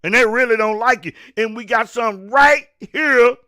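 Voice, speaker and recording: A fiery man delivers an opinion rant. His voice sits very high and sounds bright and sharp. He stammers, repeats himself and preaches at the listener. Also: moderate pace. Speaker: host of a commentary show.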